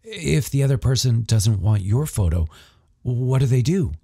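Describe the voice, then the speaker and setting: A man voicing a quiet, earnest teenage boy who asks curious questions. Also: medium pitch, expressive, moderate pace, creaky, no echo, clean studio sound, pitched above the performer's own voice.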